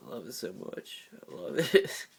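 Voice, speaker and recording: A man recording a confessional video journal, talking in an emotional, rambling way with lots of filler words. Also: moderate pace. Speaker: vlogger.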